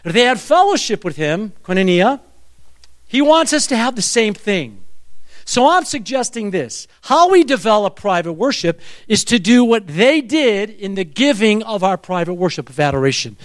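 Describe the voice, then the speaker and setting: A man's voice: sits high, big pitch swings, normal speed. A man preaching a sermon, telling stories with animation and leading the congregation in call-and-response.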